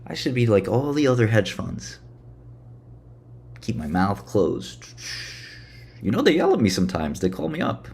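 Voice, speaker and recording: A man's voice: on the low side, huge pitch swings, normal speed, creaky, long pauses, a little mellow, husky. A man ranting sarcastically on a livestream, swearing and mocking his audience. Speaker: streamer.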